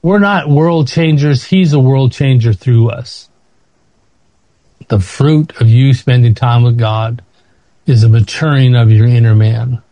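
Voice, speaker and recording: Middle-aged male preacher, mellow and dry, emotional testimony style. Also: steady tone, unhurried, no room sound, highs cut off. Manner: emotional testimony, voice rising high when pleading. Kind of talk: sermon.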